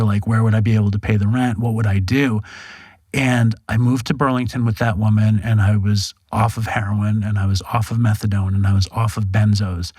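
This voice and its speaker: Telling his story on a podcast, this middle-aged man from New York is frank and self-deprecating, swearing casually throughout the candid interview. His voice is lowish, slightly rough and a little mellow, recorded with no room sound.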